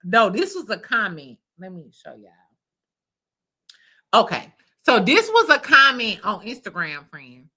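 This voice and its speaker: A woman's voice: a little high, very animated, unhurried, bright, forceful tone, slightly rough. A woman hosting a casual reality TV recap, with profane, laughing gossip. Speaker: host. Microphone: streaming mic.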